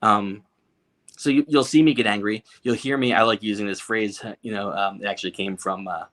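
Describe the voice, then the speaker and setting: A man's voice: on the low side, steady tone, fairly quick, fairly bright tone. A man as a podcast guest, talking candidly in casual conversation, joking and restarting his sentences often.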